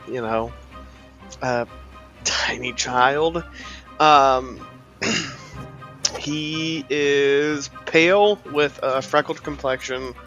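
Pushed and bright, this mid-range male voice belongs to a tabletop game player. He is laid-back, with plenty of fillers and casual swearing as he chats.

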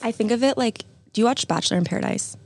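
A woman's voice: a little high, animated, very fast, vocal fry. A woman comedian as a podcast guest, a chatty storyteller who laughs often. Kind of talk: casual chat.

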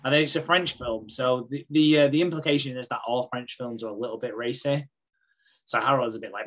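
A man in a relaxed podcast chat, swearing freely as he recaps a soap episode. His voice sits at a middling pitch, and he slips in quick impressions of the characters as he goes. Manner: sweary storytelling, mimicking characters in quick asides. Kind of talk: casual chat.

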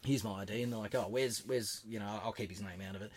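A man's voice: lowish voice, very fast. An Australian man telling a long story on a podcast in casual chat, swearing a lot and acting out the other people's lines. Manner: animated anecdote-telling, heavy swearing, acts out the voices of others. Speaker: podcast guest.

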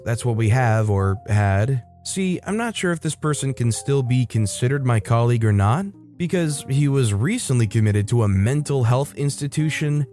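A man narrating online stories in a steady, matter-of-fact scripted reading. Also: mid-range voice. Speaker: story narrator. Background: soft background music.

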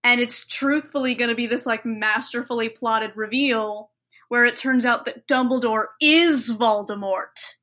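A young woman co-hosting a podcast, quick-witted and analytical, laughing often in casual chat. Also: on the high side, sharp tone. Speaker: podcast co-host.

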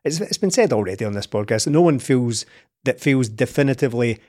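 A man's voice: mid-range voice, expressive, a little fast, mellow. A Scottish man hosting a casual football podcast, chatty and laughing easily, often repeating words as he restarts. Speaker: podcast host.

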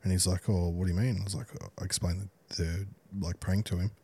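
Young man, very low voice, casual podcast storytelling, laughs and swears. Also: little pitch movement, darkish tone, breathy edge. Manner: laughing, swearing, quick anecdotes. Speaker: podcast co-host.

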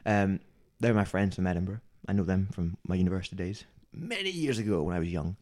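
This podcast co-host has a low-pitched voice and talks fast. Chatting casually, he tells a lively story, voicing the quoted lines himself and laughing frequently.

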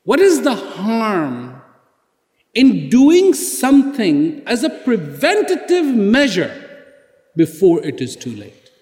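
A man's voice: high voice, huge pitch swings, slow, a little mellow. A man giving a motivational speech, building his points with rhetorical questions, repeated words and acted-out exchanges. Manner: emphatic, repeats key words. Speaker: public speaker. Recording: echoey hall reverb.

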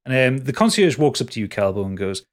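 Guy running a tabletop game, stumbles and restarts a lot, middle-pitched voice. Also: big pitch swings. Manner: halting, many restarts and fillers. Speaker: game master.

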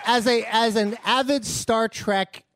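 High-voiced man gushing playfully. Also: steady tone, takes it slowly, background noise. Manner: playful, gushing, mock-dramatic. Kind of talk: casual podcast chat.

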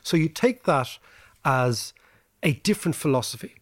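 An Irish man talks through history and economics like a lively lecturer, leaning on rhetorical "right?" tags. His pitch jumps around as he makes points. The recording is dry and close. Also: moderate pace, no room sound. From Ireland. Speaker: podcast host. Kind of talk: casual explanatory chat.

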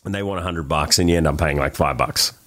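An Australian man in casual conversation as a guest, telling travel stories with lots of restarts and excited jumps in voice. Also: fast. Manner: animated storyteller, many restarts, jumps high for quoted voices. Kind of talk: casual interview chat.

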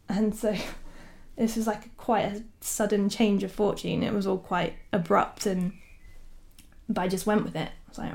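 A woman recounts events in a relaxed, chatty way, full of fillers and small laughs. Her voice has a gravelly fry and stays fairly flat in pitch, sitting in the middle of her range. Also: normal speed. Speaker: documentary filmmaker guest. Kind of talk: casual storytelling.

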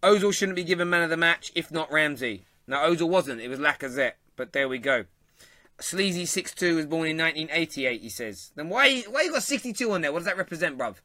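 In a dry recording, a man with a London accent runs a casual football live-stream, reading viewer comments, bantering and laughing frequently. His slightly high voice is expressive, fairly quick, pushed and bright.

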